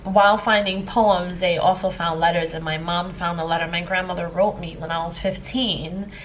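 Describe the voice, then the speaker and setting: A woman's voice: lowish voice, fairly even intonation, moderate pace, slight background noise, low-quality recording. A woman in her thirties, a life coach, telling a personal story in a casual vlog, emotional and rambling with many fillers. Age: 30s. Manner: emotional, tearful at times.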